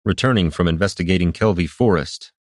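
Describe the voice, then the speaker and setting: A man voicing a measured, wry male knight commander. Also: sits low, no echo, clean studio sound.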